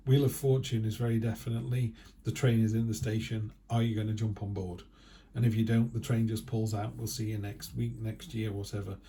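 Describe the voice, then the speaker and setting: A man's voice: mid-range voice, dark tone, slight background noise. A man giving a casual, chatty tarot reading who acts out quoted remarks in other voices. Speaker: tarot reader.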